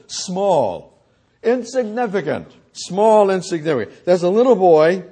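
Slow, husky, animated man preaching. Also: high voice. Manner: emphatic, repetitive, restarts and stammers. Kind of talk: sermon.

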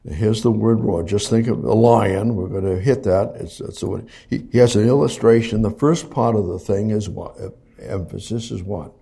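A man preaching a sermon, reading Bible verses and explaining them slowly, repeating phrases and restarting words, rising for emphasis. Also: lowish voice, creaky, warm tone, husky.

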